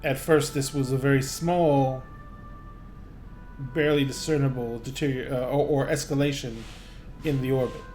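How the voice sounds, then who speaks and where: Give me a man playing a measured, cautious old gnome scholar. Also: medium pitch, steady tone, darkish tone, soft background music, close to an everyday voice. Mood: grave.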